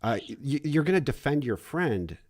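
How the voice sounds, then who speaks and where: A man hosting a casual interview, speaking haltingly with lots of fillers and restarts. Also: medium pitch, big pitch swings, a little mellow. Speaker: podcast host.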